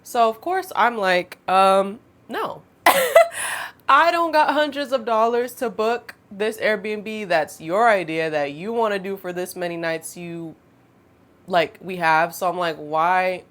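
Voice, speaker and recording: A woman, telling a storytime vlog in a chatty, animated way with laughing asides. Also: mid-range voice, measured pace. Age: 20s. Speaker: storytime vlogger. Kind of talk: casual storytime monologue.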